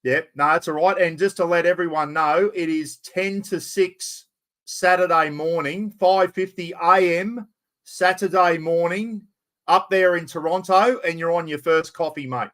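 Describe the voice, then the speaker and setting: A man's voice: fairly high pitch, steady tone, a little slow, a bit bright. An Australian man hosting a casual live-stream chat, friendly and talkative, calling everyone mate. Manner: chatty, calls everyone mate. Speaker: host.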